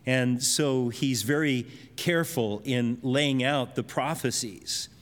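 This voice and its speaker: A man's voice: medium pitch, slow, long reverb tail. A man preaching an expository sermon, earnestly explaining scripture verses with everyday examples.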